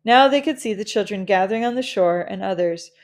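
A woman reading a children's novel aloud in a gentle, measured storytelling manner. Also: mid-range voice. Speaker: audiobook reader.

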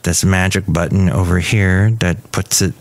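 A man's voice: deep voice, fairly even intonation, moderate pace, heavy background noise. A man hosting his own podcast in a chatty, rambling, self-mocking way. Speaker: podcast host. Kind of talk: casual chat.

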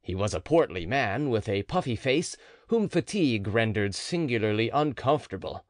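A man narrating a classic story as an audiobook, with expressive storytelling. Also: medium pitch, normal speed, dry recording, clean studio sound.

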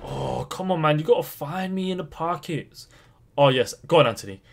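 Excitable young man gaming. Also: a little high, moderate pace, vocal fry, soft background music. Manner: excitable, chatty, slangy, with sudden loud outbursts. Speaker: gaming YouTuber. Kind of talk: gameplay commentary.

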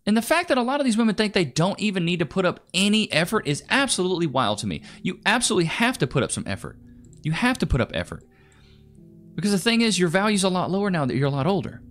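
A man's voice: high-pitched, very animated, quick pace, a bit bright, soft background music. A man hosting a casual reaction commentary, talking bluntly and animatedly in slangy, conversational speech. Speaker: host reacting to clips.

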